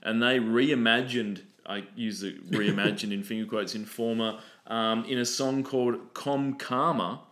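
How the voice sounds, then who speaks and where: A man's voice: mid-range voice, steady tone, a little slow, hardly any pauses, a bit bright, reverberant. A man co-hosting a podcast in casual chat, sarcastic and sweary, rambling with fillers. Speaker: podcast co-host.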